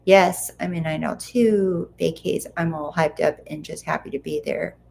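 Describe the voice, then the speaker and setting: A woman's voice: sits low, steady tone, normal speed, gravelly, a little mellow, a little hiss or hum. Chatty woman hosting a late-night livestream. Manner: chatty, reads comments aloud and reacts. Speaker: livestream host reading viewer comments. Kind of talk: casual live chat.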